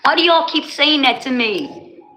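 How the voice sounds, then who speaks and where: A woman's voice: high-pitched, expressive, a little slow, bright, forceful tone, a little hiss or hum. A woman hosting a live stream, chatting casually with viewers, teasing them and laughing often. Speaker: livestream host. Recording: echoey room.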